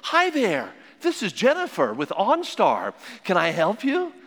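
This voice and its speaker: A man's voice: high-pitched, wildly swooping pitch, unhurried, a bit bright, voice pushed up, exaggerated voice. A man preacher voicing a cheerful, helpful young woman phone operator, in a chirpy customer-service manner. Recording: long echoing hall reverb.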